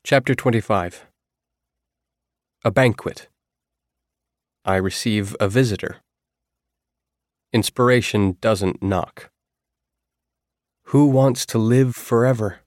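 Deep-voiced male audiobook narrator. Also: slow, long pauses, no echo, studio quality. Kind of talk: first-person audiobook narration.

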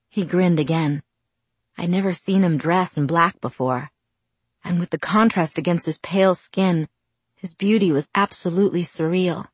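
A woman narrating a first-person novel as an audiobook in a soft, even storytelling voice. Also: low-pitched, moderate pace, slightly rough, no echo.

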